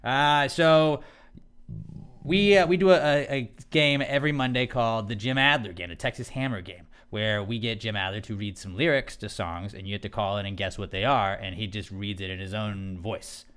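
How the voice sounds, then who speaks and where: A man's voice: fairly low pitch, normal speed, a bit bright, smooth. A man hosting a podcast in casual chat, telling stories in a rambling way with a lot of laughter. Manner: rambling, laughing storyteller full of restarts. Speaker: podcast host.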